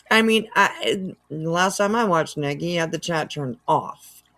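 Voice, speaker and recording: A woman's voice: lowish voice, a bit bright. A woman hosting a casual reaction livestream, chatty and laughing often as she reads out chat. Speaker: livestream host.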